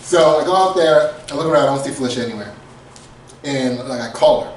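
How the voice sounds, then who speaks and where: A man's voice: medium pitch, quick pace, slight background noise. A man co-hosting a podcast, telling a comedic story casually, laughing often and acting out quotes. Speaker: podcast co-host. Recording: echoey room, far from mic.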